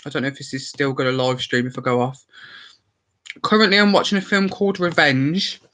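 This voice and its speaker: A man's voice: a little high, steady tone, fairly quick, bright, forceful tone. A man rambling casually on a live stream, chatty and swearing freely.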